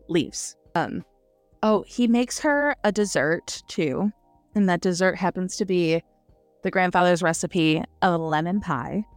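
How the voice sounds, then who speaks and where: A young woman co-hosting a podcast, chatting casually and excitedly about a book she reviewed, laughing often. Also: mid-range voice, dry recording. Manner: animated, gushing, quick laughs. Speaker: podcast co-host.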